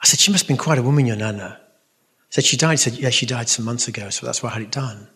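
A man's voice: medium pitch, fast talker, sharp tone. Earnest man telling stories in a reverberant hall. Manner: earnest, rambling storyteller with asides. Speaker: Catholic speaker and musician answering questions. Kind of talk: storytelling talk with audience Q&A.

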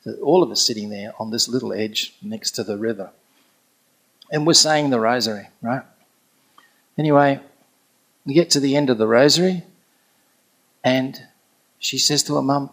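A middle-aged man, telling a story in an animated way and acting out what others said. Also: medium pitch, normal speed, pauses often. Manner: animated, acts out quoted speech. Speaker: pilgrimage companion telling a story. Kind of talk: anecdotal storytelling.

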